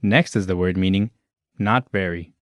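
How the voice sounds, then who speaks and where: Deep-voiced man narrating a language lesson. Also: fairly bright tone, no room sound, clean studio sound. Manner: clear, measured instructional delivery.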